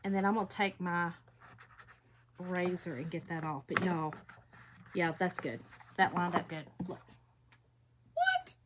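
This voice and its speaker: A woman's voice: lowish voice, wildly swooping pitch, a little slow, pauses often, noisy background. A woman, hosting a casual craft livestream and chatting folksily with viewers while she works.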